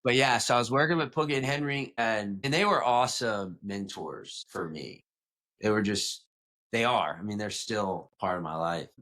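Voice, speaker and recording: A man's voice: on the low side, moderate pace, sharp tone. A young man from Louisiana with a faint South Louisiana accent, rambling casually as a podcast guest. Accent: light South Louisiana. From Louisiana, south of New Orleans. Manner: rambling, self-correcting, with many "like" and "you know". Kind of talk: casual storytelling interview.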